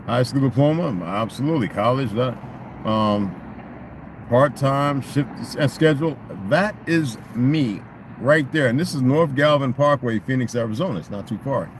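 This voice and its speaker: A middle-aged man in a casual, profane rant, swinging into loud, mocking quotes of other people. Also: mid-range voice, unhurried, background noise. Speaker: vlogger.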